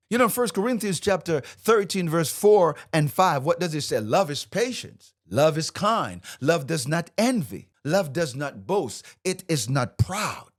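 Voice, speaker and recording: A man's voice: fairly high pitch, very animated, unhurried, hardly any pauses. A man in his fifties, a marriage coach and host, teaching faith-based marriage principles to camera in a fired-up, preacherly way and quoting scripture.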